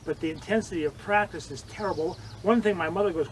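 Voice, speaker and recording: An older man telling vivid stories in an interview, acting out quoted lines and swinging between loud and hushed. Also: on the high side, fast, few pauses, a little hiss or hum, rough recording. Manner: animated storyteller, acts out quotes, swings loud and soft. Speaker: interviewee, former judo training partner. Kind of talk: storytelling interview.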